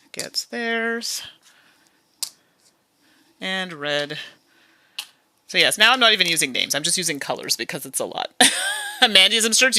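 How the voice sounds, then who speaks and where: A woman talks her way through a solo board game in a loose, chatty manner, quick to grumble and laugh at herself. Her voice is very bright and her pitch swings widely. The sound is dry and close, with no room around it. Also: dry recording. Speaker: board game channel host. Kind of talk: casual solo board game playthrough commentary.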